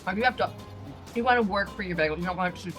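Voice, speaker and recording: A woman's voice: lowish voice, racing, a bit bright, faint music behind. An older woman from New York with a New York accent, chatting casually as a comedian guest, rambling and saying "like" a lot. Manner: rambling, chatty, says "like" often. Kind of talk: casual chat.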